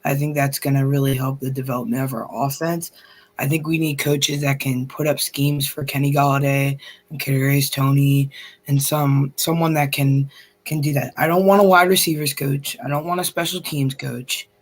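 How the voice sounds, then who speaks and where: A man's voice: mid-range voice, level tone, moderate pace. A man speaking as a guest on a sports podcast, hesitant and full of fillers. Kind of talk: casual sports podcast chat.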